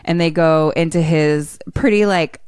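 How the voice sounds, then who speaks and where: A woman co-hosting a podcast, retelling a movie in casual chat with animated storytelling and bursts of laughter. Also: low voice, unhurried, clean tone, dry recording, studio quality. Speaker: podcast co-host retelling a film.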